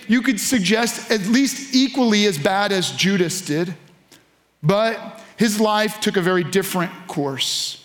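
A man's voice: sits high, a bit bright. A male pastor giving a sermon in a conversational, storytelling way.

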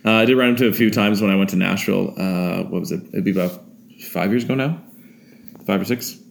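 A man's voice: lowish voice, fast talker, creaky, a little hiss or hum. A man in his thirties hosting a casual chat, telling rambling stories and acting out voices. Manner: rambling storyteller who acts out voices. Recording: roomy echo.

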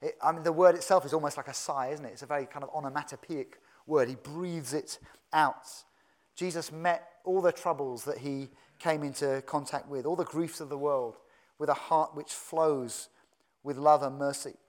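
A man's voice: a little high, fairly even intonation, moderate pace. A man preaching a sermon as pastor, earnest and conversational, with asides to the congregation.

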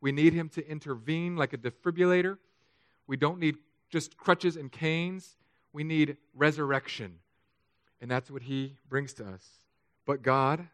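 A man preaching a sermon as pastor, candid and self-deprecating, moving between quiet confiding stretches and emphatic raised passages. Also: medium pitch, moderate pace, no room sound.

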